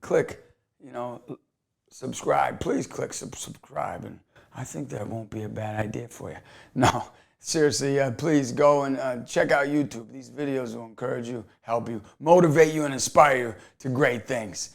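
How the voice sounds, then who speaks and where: A man giving a motivational faith talk who tells a personal story with laughs, then builds into loud, slow preaching. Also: medium pitch, vocal fry. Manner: builds from quiet asides to shouted preaching. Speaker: Catholic evangelist speaker.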